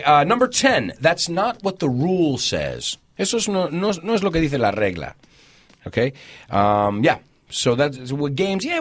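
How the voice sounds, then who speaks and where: Animated male radio host. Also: mid-range voice. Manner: animated and jokey, acts out quoted phrases. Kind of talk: lively studio talk show, teaching everyday phrases. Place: radio studio.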